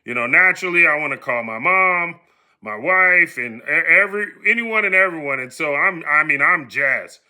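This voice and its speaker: Animated middle-aged man telling a story. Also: a little high, moderate pace. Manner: animated, acts out quoted voices. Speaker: podcast host telling his story. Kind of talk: casual storytelling.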